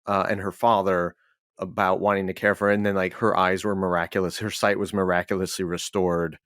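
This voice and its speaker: Man co-hosting a podcast, rambles and corrects himself, lower voice, dry sound. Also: level tone, fairly quick, a bit bright, no echo. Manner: rambling, unsure, self-correcting. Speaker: podcast co-host. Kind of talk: casual chat.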